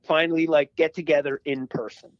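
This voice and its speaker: A man's voice: on the high side, steady tone, fairly quick, dry recording, highs cut off. A man co-hosting a podcast, swapping stories in casual chat and swearing now and then. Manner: swearing, storytelling. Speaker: podcast co-host.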